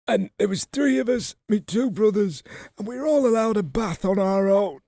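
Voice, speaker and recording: A man voicing a brash middle-aged male comedian who rants a story to a crowd in a half-shouted voice. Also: high-pitched, animated, normal speed, gravelly, dry recording, clean studio sound, voice pushed up, full character voice. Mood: ranting.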